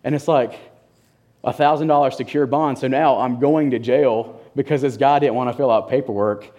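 A young man in his twenties preaching from a pulpit, telling a personal story with laughs and lively quoted voices. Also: medium pitch, moderate pace, dull audio. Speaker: church speaker giving testimony. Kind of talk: sermon storytelling.

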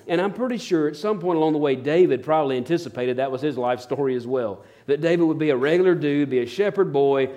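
A man's voice: fairly high pitch, fast, few pauses, mellow. A man preaching a sermon, telling stories in a folksy, rambling way with fillers and restarts. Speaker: pastor.

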